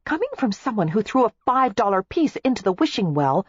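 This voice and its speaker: A woman's voice: mid-range voice, fairly quick, breathy edge, no room sound, lo-fi sound, pitched above the performer's own voice. A woman voicing a playful, teasing young American heiress in an audiobook. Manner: teasing, lively.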